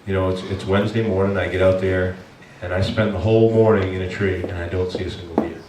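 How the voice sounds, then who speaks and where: A man from Maine preaching a sermon as pastor, telling a hunting story in an animated way and breaking into loud exasperated shouts. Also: low voice, fast. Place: church sanctuary. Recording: echoey church hall, from a distance, faint noise.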